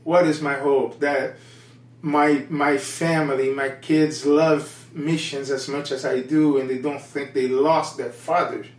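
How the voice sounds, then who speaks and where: A man's voice: medium pitch, steady tone. Earnest Brazilian-accented man in an echoey room. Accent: Brazilian Portuguese. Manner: candid and earnest, with halting restarts. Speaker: missionary guest. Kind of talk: personal testimony in an interview. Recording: echoey room with a distant mic.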